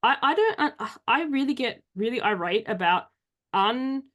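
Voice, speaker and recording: A woman's voice: a little high, expressive, moderate pace, fairly bright tone. An Australian woman hosting a podcast, talking casually in a blunt, exasperated way and swearing now and then. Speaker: podcast host.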